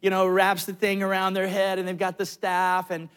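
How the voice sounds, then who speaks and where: A middle-aged pastor with a notably high voice preaches to his congregation. He tells personal stories animatedly, packed with quick asides and restarts.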